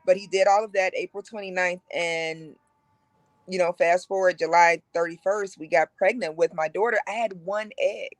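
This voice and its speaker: A woman in her forties frankly telling her own story as a guest on a broadcast talk, animated and lively in how she recounts it. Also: on the low side, normal speed, no echo. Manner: animated, frank, acts out quoted voices.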